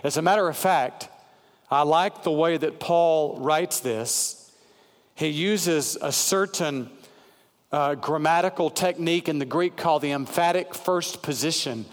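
A man preaching a sermon, slow and emphatic, repeating key phrases. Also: fairly high pitch. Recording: long hall reverb.

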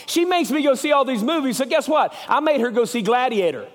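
High-voiced Southern preacher in an echoing hall. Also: male voice, animated, fairly quick. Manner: passionate, storytelling, swings from loud to hushed. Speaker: evangelist. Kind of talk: sermon.

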